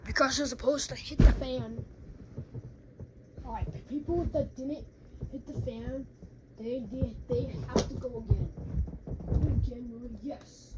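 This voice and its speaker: Slow-talking woman in playful toy play. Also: sits high, fairly even intonation, background noise. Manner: playful, switches between character voices and asides to viewers. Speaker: plush toy video maker. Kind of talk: playing out scenes with plush toys.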